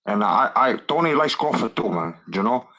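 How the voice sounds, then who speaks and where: A man's voice: mid-range voice, expressive, normal speed, bright, forceful tone. A man doing a comedic impression of a cocky movie gangster, swaggering and tacking 'man' onto every phrase. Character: film gangster, cocky tough man with a cigar.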